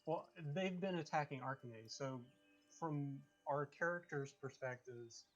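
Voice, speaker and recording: A man's voice: a little high, a little slow, highs cut off, a crowd in the background. A man playing a tabletop game, thinking aloud about the group's plan. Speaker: player.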